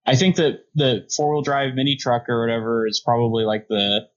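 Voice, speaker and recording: A man's voice: mid-range voice, steady tone, brisk. Guy cohosting a podcast, joking around, kinda muffled lo-fi mic. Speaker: podcast co-host. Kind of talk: casual chat. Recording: slightly dull lo-fi sound.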